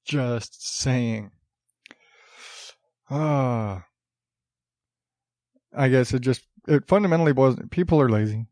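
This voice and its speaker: A man's voice: mid-range voice, slow, pauses often, dark tone, no echo, clean studio sound. A man hosting his own podcast, rambling and sarcastic, restarting sentences and chuckling as he mocks the news. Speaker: podcast host. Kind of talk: casual solo podcast monologue. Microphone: studio podcast mic.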